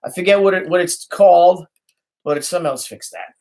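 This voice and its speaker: This middle-aged comic artist, whose voice is slightly higher than most men's, has a New York Italian-American accent and a dark tone. He rambles briskly through a casual livestream on his phone from his indoor home studio with art supplies, cursing freely and calling out hellos to viewers by name.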